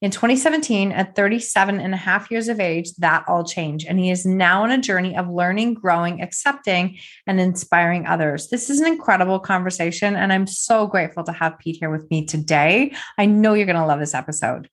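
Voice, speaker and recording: A woman's voice: fairly low pitch, a little fast. A woman hosting a podcast interview as a business coach, talking with effusive enthusiasm.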